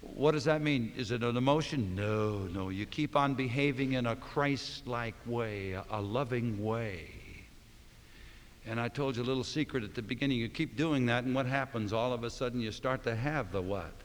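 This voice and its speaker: A male pastor preaching a sermon, moving from quiet, even talk to loud, slowed-down emphasis on key words. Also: mid-range voice, slight background noise. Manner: dramatic swings between soft and loud, slowing for emphasis. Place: church sanctuary. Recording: reverberant hall.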